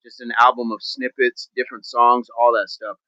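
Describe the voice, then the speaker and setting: A man's voice: medium pitch, flat delivery, normal speed, sharp tone, no echo, highs cut off. Upbeat man hosting a fitness livestream. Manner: upbeat, rambling, jokey sign-off. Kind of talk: casual livestream chat to viewers.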